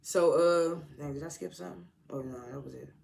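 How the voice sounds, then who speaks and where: Male reviewer, casual and rambling, slightly high voice, leans on fillers and restarts. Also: fairly quick, gravelly, a little mellow, a little hiss or hum. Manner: rambling, heavy use of "like", restarts; slangy, informal grammar. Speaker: TV episode reviewer. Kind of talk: casual episode recap.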